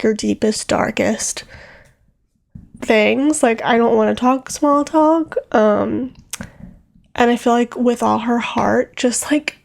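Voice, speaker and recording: A woman's voice: fairly high pitch, vocal fry, a little mellow. A young woman hosting a solo podcast from home, chatting casually and earnestly, full of fillers and restarts. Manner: rambling, filler-heavy, earnest. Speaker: podcast host.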